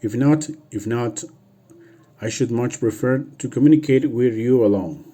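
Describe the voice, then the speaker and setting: A man voicing a secretive, imposing masked nobleman in a read-aloud story, with halting restarts. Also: mid-range voice, dark tone, lightly acted. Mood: guarded.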